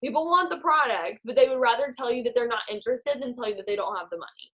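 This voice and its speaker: A chatty woman coaches her sales team over a video call. Her voice is a touch high, and she talks loosely, with many fillers and quick asides. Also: fairly bright tone, poor audio. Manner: chatty, filler-heavy, acts out quoted voices. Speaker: team leader. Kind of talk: motivational team talk.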